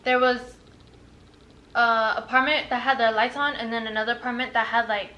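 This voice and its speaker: A woman's voice: on the high side, moderate pace, highs cut off. A young woman casually retelling a story, full of fillers and quoted dialogue. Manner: filler-heavy, animated retelling.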